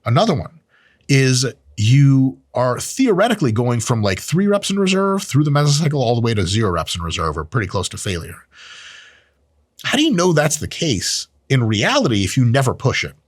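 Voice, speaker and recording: A man giving a casual, animated training explanation, full of swearing and jokes. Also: medium pitch, normal speed, no echo, clean studio sound. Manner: animated, profane, jokey. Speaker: strength training educator.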